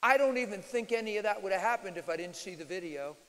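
A male preacher teaching at a live church Q&A, swinging from loud declarations to quiet asides. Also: lively intonation, fast. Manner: emphatic, shifts from loud declarations to low asides. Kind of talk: sermon-style Q&A teaching. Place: large church hall, live audience. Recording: reverberant hall.

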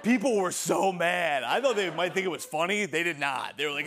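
A man's voice: fairly high pitch, animated, fairly quick, a bit bright. A young man performing a stand-up comedy set on a TV studio stage, with a dry, offhand punchline delivery. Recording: stage mic with live audience. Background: audience laughter.

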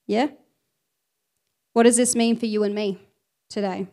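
A woman preaching a sermon, reading scripture aloud with lively emphasis. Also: fairly high pitch, normal speed, pauses often.

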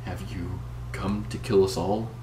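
A man's voice: sits low, fairly even intonation, unhurried, warm tone, reverberant, far from the mic, slight background noise, poor audio. A man doing a frail, weary old woman. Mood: fearful. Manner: weak, mournful.

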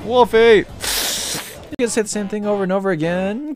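A man's voice: high-pitched, normal speed. A man streaming games in a casual, jokey way, talking back to what he sees on screen. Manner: animated, jokey, talks to the game. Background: game music.

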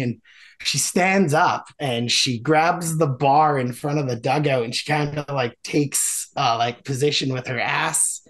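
A man's voice: on the high side, moderate pace. A man, a podcast guest, telling a long dating story in a casual, rambling way with many fillers and restarts.

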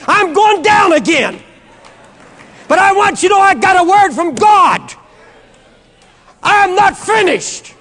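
This is an unshakable man of faith, played by a preacher as an apostle who cries out defiantly. The voice sits very high for a man. A long reverb trails every word. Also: animated, slow, pauses often, heavily acted. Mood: defiant shouting. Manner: shouting defiance.

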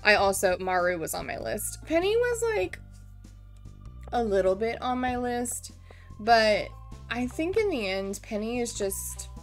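Streameuse bavarde qui se déconcentre. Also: female voice, fairly high pitch, sing-song, measured pace. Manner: chatty, easily distracted, self-mocking. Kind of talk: casual gameplay commentary. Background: faint game music.

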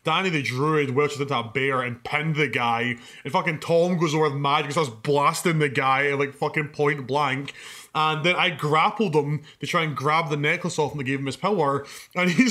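Animated, swearing young man telling a story. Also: on the high side. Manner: animated, swears a lot, laughs mid-sentence. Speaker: podcast co-host. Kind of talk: casual storytelling chat.

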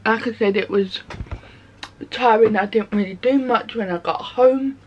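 A woman's voice: a little high, a little slow, a little hiss or hum. A woman chatting casually in her bedroom for her vlog, rambling from one thing to the next. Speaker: vlogger. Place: bedroom at home. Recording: dull lo-fi home recording.

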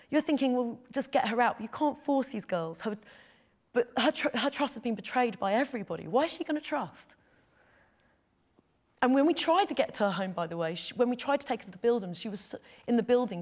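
A middle-aged woman, a photojournalist, telling a personal story in an interview, earnest and heartfelt. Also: on the high side. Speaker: photojournalist guest.

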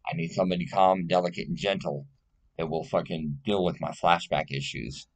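Blunt, low-voiced man pleading. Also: steady tone, moderate pace. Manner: blunt, profane, rambling; emotional, pleading. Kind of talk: casual personal monologue.

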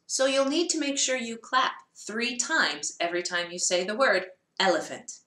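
Lively bright-voiced woman teaching music. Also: medium pitch, reverberant. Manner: encouraging, chants the song rhythmically. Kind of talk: children's music lesson.

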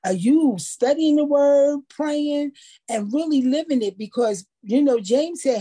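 A woman in a faith discussion who talks in a preachy, animated way and acts out quotes. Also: high voice, measured pace. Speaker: panelist.

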